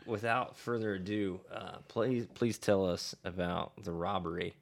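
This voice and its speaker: Low-voiced joking American host. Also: male voice, steady tone, a little slow, gravelly. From United States. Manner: jokey, giggly, loose. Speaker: podcast host. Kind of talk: casual chat.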